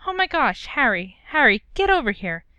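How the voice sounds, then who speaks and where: A woman's voice: a little high, expressive, moderate pace, a bit bright, clean tone, no echo, highs cut off. Woman doing Mrs Weasley, fussing mother. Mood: motherly. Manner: fussing, firm, affectionate. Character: warm bossy motherly witch, middle-aged.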